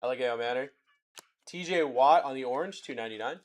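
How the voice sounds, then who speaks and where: A young man with a mid-range voice, talking a little fast, hosts a live card-break stream. He chats with viewers in a hyped way while calling out player names to buyers.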